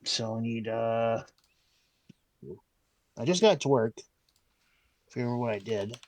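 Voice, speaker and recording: A man's voice: mid-range voice, expressive, darkish tone, dry recording. A man chatting casually as a tabletop game player. He stumbles and repeats himself while thinking aloud, and his voice sounds dry and close, with no room behind it. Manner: halting, repeats words.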